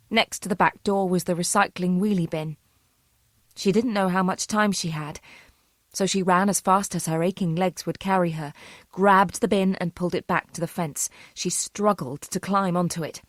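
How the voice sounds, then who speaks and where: A woman with a fairly low voice reads a thriller aloud in a measured, tense narration. The sound is dry and close. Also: no room sound. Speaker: audiobook narrator.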